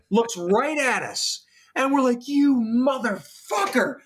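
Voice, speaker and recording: A man's voice: extremely high pitch, slow, slight background noise. A middle-aged man, a former special effects artist, telling a wild story in casual chat, swearing and acting out the voices of the people in it. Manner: animated, swearing, acts out voices in anecdotes.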